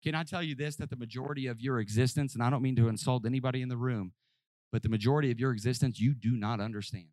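A man preaching a sermon, acting out Bible scenes in voices and swinging from hushed, close talk to shouting. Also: medium pitch, steady tone, very fast, dry recording. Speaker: pastor. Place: church hall with congregation.

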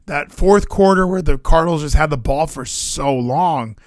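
A man's voice: on the high side, normal speed, dry recording, studio quality. A young man, co-host of a podcast, talking about his football weekend in casual chat, swearing and restarting often. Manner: animated, swears, frequent fillers and restarts.

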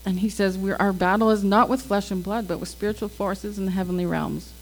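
Woman, mid-pitched, chatty testimony telling, acts out quoted dialogue. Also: fairly even intonation, fairly quick, rough recording. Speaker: guest telling faith stories. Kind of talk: casual testimony storytelling.

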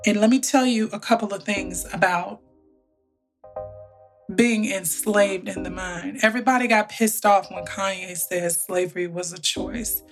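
A woman hosting a motivational podcast, telling stories in a lively, colloquial way and speaking straight to her listeners. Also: mid-range voice, measured pace, faint music behind. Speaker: podcast host and business coach.

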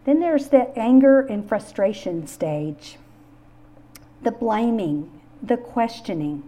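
A woman's voice: fairly high pitch, expressive, takes it slowly, mellow. A middle-aged woman hosting a faith-based podcast on grief, telling personal stories in an earnest way. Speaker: podcast host.

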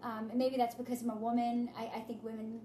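A woman's voice: a little high, fast, echoey room, a little hiss or hum. A woman in casual podcast chat, talking enthusiastically and acting out lines she quotes. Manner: enthusiastic, acts out quotes in a lively voice. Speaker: podcast panelist.

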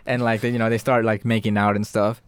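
Rambling young man with a smooth voice. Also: fairly low pitch, flat delivery, quick pace. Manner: rambling, heavy fillers like "like" and "uh". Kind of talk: casual chat, retelling a show.

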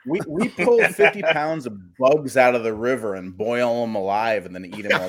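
A man's voice: mid-range voice, expressive, moderate pace, hardly any pauses, slight background noise. Brash drunk man. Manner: brash, profane, joking. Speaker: podcast co-host. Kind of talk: rowdy casual chat.

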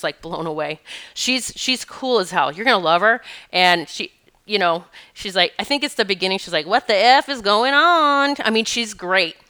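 Woman chatting on her podcast, super bright and crisp, gushy and emphatic. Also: fairly low pitch. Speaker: podcast host and spiritual course teacher. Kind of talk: casual podcast chat.

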